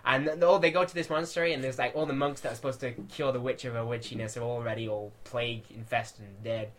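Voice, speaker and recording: A man's voice: medium pitch, steady tone, fast talker. A man hosting a film podcast, talking in a casual review chat, ranting and often laughing.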